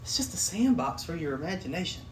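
A man chatting casually on a podcast, telling stories with animated enthusiasm. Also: a little high, quick pace, slight background noise. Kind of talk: casual chat.

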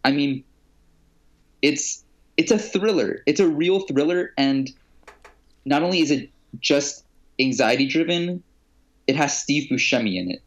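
A man's voice: a little high, expressive, a little slow, long pauses, lo-fi sound. A young man co-hosting a casual chat, talking eagerly about movies. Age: young adult. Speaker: podcast co-host.

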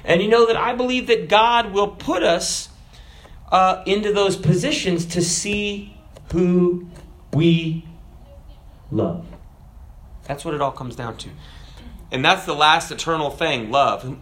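A man's voice: fairly high pitch, measured pace, long pauses, fairly bright tone. A man preaching a sermon, talking in a conversational way and asking his listeners rhetorical questions. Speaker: pastor.

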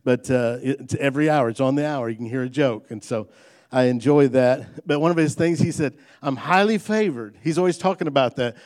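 A man's voice: medium pitch, fairly quick, a little mellow. A man preaching a sermon in a folksy, conversational way, mixing jokes into his points and building emphasis on key lines. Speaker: pastor.

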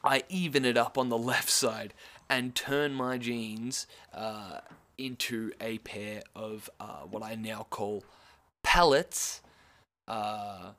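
A man's voice: lowish voice, level tone, a bit bright. Laid-back young Australian man telling a story. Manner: laid-back, swears often, quick laughing asides. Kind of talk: casual storytelling.

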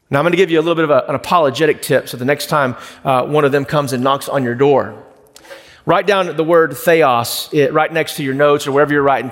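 A man preaching a sermon, explaining scripture earnestly and slowing down to stress key words. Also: a little high. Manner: earnest, explanatory preaching with emphatic slowed phrases. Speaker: pastor. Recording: reverberant hall.

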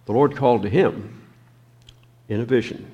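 A man preaching a sermon, reading scripture and reflecting on it slowly, with many pauses and ums. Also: mid-range voice, husky, dull audio.

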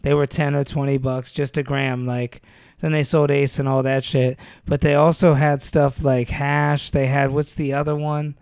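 A man's voice: medium pitch, flat delivery, normal speed, darkish tone, clear, resonant tone, no room sound, studio quality. A man co-hosting a casual chat, laid-back and slangy, laughing often. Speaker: podcast co-host.

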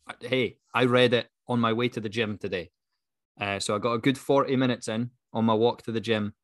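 A man's voice: medium pitch, fairly bright tone, no echo, clean studio sound. A Scottish man from Scotland co-hosting a book podcast, talking in an easygoing, self-mocking way. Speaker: podcast co-host. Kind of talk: casual chat.

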